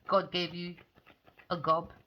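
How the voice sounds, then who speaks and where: A woman's voice: fairly low pitch, level tone, slow, muffled recording, noisy background. A woman doing a casual tarot reading in a theatrical, sassy way, often swearing. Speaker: tarot reader.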